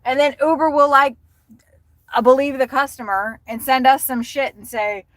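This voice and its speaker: A woman's voice: high-pitched, moderate pace, a bit bright, no echo, low-quality recording. A woman delivery driver ranting angrily on a livestream from her car, swearing constantly. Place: inside a car while driving.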